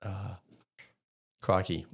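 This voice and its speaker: An Australian army veteran in his forties, telling a story as a podcast guest, animated and laughing as he acts out voices. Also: low voice, extremely slow, slightly rough. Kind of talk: casual storytelling.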